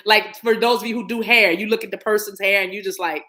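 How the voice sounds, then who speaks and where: A middle-aged woman gives a spiritual card reading in a loose, chatty way. She is animated and encouraging, acting out scenes with hums and little sounds. Her voice sits at an ordinary pitch for a woman. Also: fast talker, hardly any pauses. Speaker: spiritual reader.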